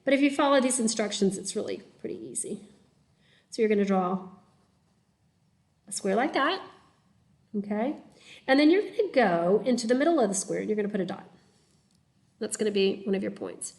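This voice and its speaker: Patient woman teacher explaining step by step. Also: on the high side. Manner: patient, step-by-step explaining with frequent "okay?" checks; counts aloud while drawing, trailing off quietly. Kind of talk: math lesson video.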